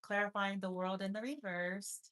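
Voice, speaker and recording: A woman, talking in high baby talk to her cat, then giving a tarot reading in an unhurried, repetitive way. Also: fairly even intonation, fairly bright tone. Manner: unhurried, repeats itself. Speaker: tarot reader. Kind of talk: casual chat with her cat.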